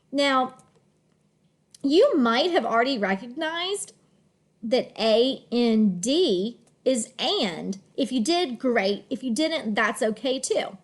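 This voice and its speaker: A woman teaching a children's phonics lesson, slowly and deliberately sounding out words. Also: high-pitched.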